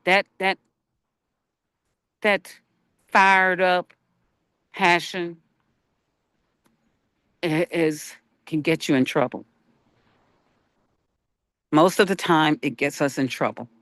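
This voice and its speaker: A broadcast host giving an unscripted spiritual talk on peacemaking, halting and searching for words, asking the listener questions. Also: mid-range voice, fairly even intonation, fairly bright tone, no room sound.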